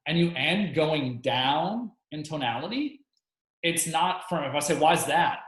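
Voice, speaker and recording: A man's voice: fairly high pitch, measured pace. Man coaching in an echoey room. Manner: relaxed, filler-heavy, laughs easily. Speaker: real estate coach co-hosting a webinar. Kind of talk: casual webinar chat.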